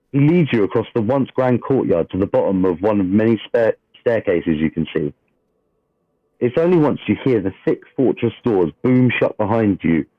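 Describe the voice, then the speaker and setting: Speaking low, this player reads out the session recap, delivering the fantasy narration slowly and filling the gaps with casual chat, jokes and offhand swearing. The recording is dry, dull and lo-fi.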